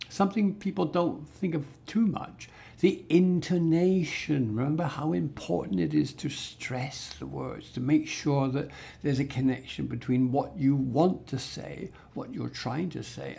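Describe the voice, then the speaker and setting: A man's voice: mid-range voice, unhurried, vocal fry, dark tone. A man teaching a spoken English exam lesson, explaining in a chatty way with many restarts and fillers. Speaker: English speaking-test teacher.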